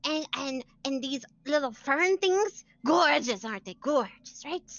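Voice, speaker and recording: A woman putting on a squeaky, jittery scholar girl. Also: measured pace, no room sound. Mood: excited, chatty. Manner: gushing, high-pitched, excitable. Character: flustered young woman scholar, jittery and chatty. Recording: lo-fi with faint music.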